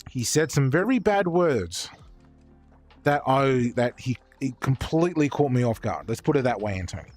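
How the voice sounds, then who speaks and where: A man's voice: mid-range voice, lively intonation, moderate pace, a little mellow, soft background music. A man chatting casually on a livestream, rambling and swearing freely, with lots of fillers and restarts. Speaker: streamer. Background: faint background beats.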